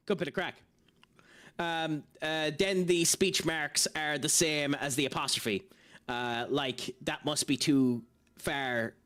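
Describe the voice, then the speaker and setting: A man's voice: on the high side, a bit bright. A young man streaming a game, chatty and self-mocking, with lots of fillers. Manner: chatty, laughs at himself, many fillers. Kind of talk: casual live-stream commentary.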